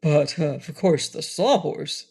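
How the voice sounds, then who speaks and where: Woman playing a storybook lion: big, loud and shaky, a coward close to crying. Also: deep voice, slow pace, gravelly, husky, full character voice. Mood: fearful. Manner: loud, quavering, near tears. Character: timid, trembling male lion.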